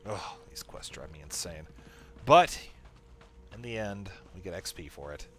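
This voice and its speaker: A let's play host chats and jokes casually while playing a video game, laughing often. His low voice has lively intonation and a slightly slow pace.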